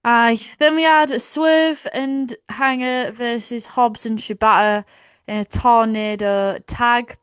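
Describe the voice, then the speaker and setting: A woman's voice: a little high, slow pace, clean tone, no echo. Woman, playful podcast co-host. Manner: animated, swearing, playful. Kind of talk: casual chat.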